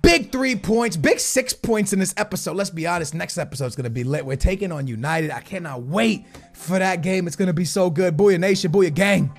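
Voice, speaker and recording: A man commentating his own soccer video game, hyped and shouting at big moments, muttering quietly in between. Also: sits high, brisk, creaky, soft background music. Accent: American. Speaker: gaming YouTuber. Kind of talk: excited gameplay commentary.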